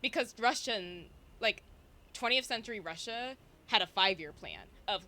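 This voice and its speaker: A young woman streamer in casual chat, rambling with lots of fillers and a slight vocal fry. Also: fairly high pitch, very animated, normal speed, pushed and bright. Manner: chatty, rambling with fillers and self-interruptions.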